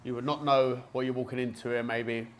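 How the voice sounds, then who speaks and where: A brisk, medium-pitched man with little pitch movement speaks with a Cockney accent from East London, England. He owns a basement martial arts gym, holds a jiu-jitsu black belt, and tells his story in a chatty, rambling way as a guest on a casual podcast.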